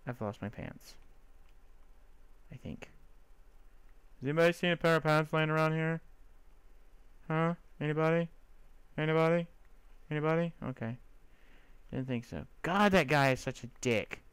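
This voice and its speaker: A young man giving excitable, cursing gameplay commentary and talking to himself as he plays. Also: fairly high pitch, clean tone, no room sound. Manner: excitable, swearing, talks to himself and the mobs. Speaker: let's player.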